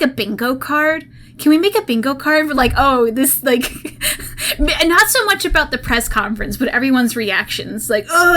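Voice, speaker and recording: A woman's voice: fairly high pitch, bright, forceful tone, slight background noise. A woman co-hosting a gaming podcast, chatting casually and laughing often. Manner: giggly, chatty. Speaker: podcast co-host. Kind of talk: casual chat.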